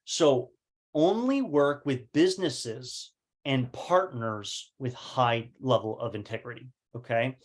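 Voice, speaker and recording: A man's voice: mid-range voice, slow. A man telling his own business story in a casual motivational talk, acting out past conversations with fillers and rhetorical questions.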